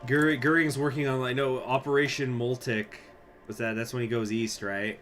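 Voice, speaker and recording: A man streaming a strategy game, chatting with viewers, reading event text aloud and breaking into loud, swearing surprise. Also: mid-range voice, little pitch movement, normal speed, soft background music. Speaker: gaming streamer.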